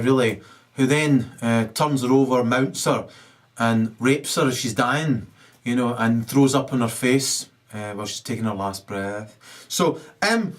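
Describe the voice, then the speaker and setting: A man's voice: medium pitch, a bit bright. A man improvising a profane story, rambling with many ums and restarts.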